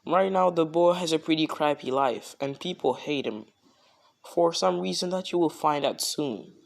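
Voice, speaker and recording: A man voicing a male god who explains things calmly and patiently. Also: on the high side, normal speed, gravelly, pitched above the performer's own voice. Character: male god, calm and in charge.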